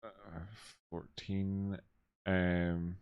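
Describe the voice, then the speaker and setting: A man's voice: low voice, flat delivery, extremely slow, clean tone, no echo, narrow, tinny audio. A man hosting a live stream, thinking aloud over charts and chat with many fillers. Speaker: live stream host and market analyst.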